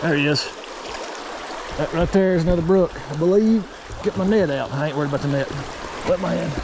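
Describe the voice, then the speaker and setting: Brief: young man, casual outdoor vlogger, high voice, folksy exclamations, faint stream noise. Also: a little fast. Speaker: fly fishing vlogger. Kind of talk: casual outdoor vlog narration. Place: outdoors by a mountain creek.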